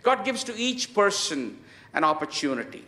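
A man preaching a sermon in an emphatic way, with many pauses and fillers. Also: high voice, very animated, sharp tone, reverberant. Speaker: pastor.

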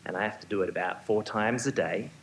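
A man, a museum curator, giving a prepared symposium talk on stage, measured with occasional ums and restarts. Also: on the low side. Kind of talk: prepared lecture. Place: auditorium stage. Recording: echoey hall, faint hum.

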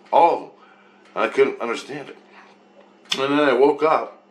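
A man's voice: medium pitch, animated, moderate pace. A man telling a rambling personal account, swearing freely and repeating phrases over and over. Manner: repetitive, profane, loops back on phrases.

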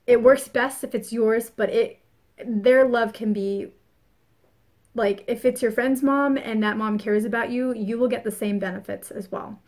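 A woman giving a casual spoken astrology forecast, chatty and earnest, repeating phrases for emphasis. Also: on the high side. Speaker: spiritual reader.

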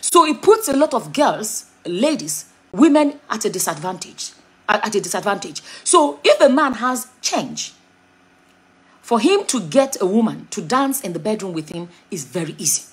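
A woman's voice: medium pitch, very animated, moderate pace, breathy edge. A middle-aged Nigerian woman with a Nigerian accent, chatting frankly to camera on her vlog, wandering off topic and back. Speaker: vlogger. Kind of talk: casual commentary to camera.

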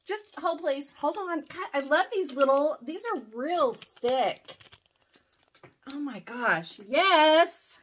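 A woman's voice: high-pitched, expressive, slow. A middle-aged woman opening fan mail, gushing and exclaiming over each gift. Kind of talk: excited unboxing chat.

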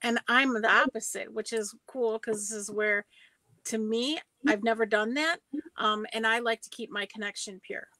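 A woman's voice: a little high, moderate pace, bright, forceful tone, no echo, rough recording. A woman, a guest psychic medium in a casual chat, who talks firmly and emphatically about her own way of working.

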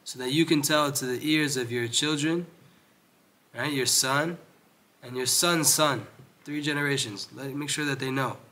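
A man teaches a Torah lesson, reading Hebrew passages quickly and explaining them in English, often restarting his sentences. When he gets animated his voice turns loud and high, and it drops low when he lectures.

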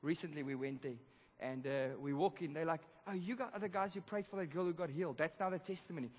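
A male pastor telling a story in a sermon, animated, swinging between loud emphasis and hushed moments. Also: a little high, fast talker, slightly rough. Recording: long church hall reverb.

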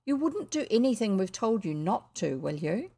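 A woman's voice: medium pitch, big pitch swings, moderate pace, warm tone. A woman doing a fretful, doting mother. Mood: anxious. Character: anxious, fond mother of a boy.

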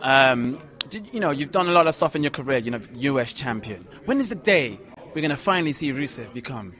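Fast-talking man, chatty host. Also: medium pitch, animated, a bit bright. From London. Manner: quick, eager, chatty questioning. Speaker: podcast host interviewer. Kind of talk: casual interview.

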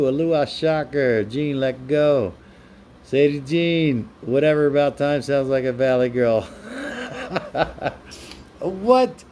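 A man's voice: mid-range voice, darkish tone, a little hiss or hum. A man on a live stream, reading viewers' comments aloud and answering them with playful, teasing banter. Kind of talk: casual live-stream chat.

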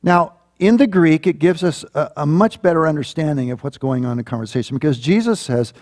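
A man preaching a sermon as a church pastor, telling a Bible story with lively acted-out voices. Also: on the high side, a little fast, no room sound, studio quality. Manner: animated storytelling, acting out quoted voices.

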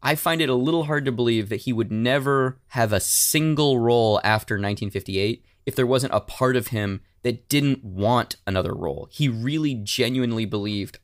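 Casual podcast host, dry close sound. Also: male voice, lowish voice, moderate pace, hardly any pauses, no echo. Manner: candid, swears freely, many fillers. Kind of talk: casual chat.

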